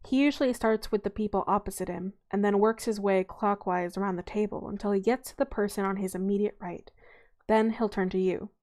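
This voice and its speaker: A woman voicing a quiet, helpful male aide in a storybook reading, giving hushed, brisk instructions. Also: mid-range voice, fairly even intonation, natural voice.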